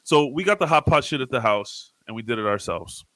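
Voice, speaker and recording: A man co-hosting a casual podcast, telling animated stories and swearing freely. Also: medium pitch, a little fast, no echo. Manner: animated storyteller, swears freely, acts out arguments loudly. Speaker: podcast co-host. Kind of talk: casual chat.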